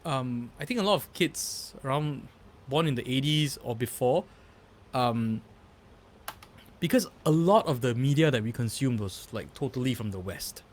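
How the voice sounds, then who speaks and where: A man's voice: medium pitch, expressive, normal speed, slight background noise. A man in his thirties hosting a podcast, rambling with many fillers and restarts in casual chat. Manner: rambling, filler-heavy, laughs easily. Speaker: podcast host.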